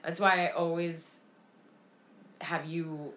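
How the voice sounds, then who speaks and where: Her voice is low, steady, slow and a bit bright. She's a podcast co-host in casual chat, easygoing and agreeable, laughing along with the conversation.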